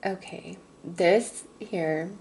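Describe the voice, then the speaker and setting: A woman giving a casual tarot reading to her viewers, talking haltingly with many fillers and pauses. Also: fairly low pitch, darkish tone, slight background noise, low-quality recording. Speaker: tarot reader.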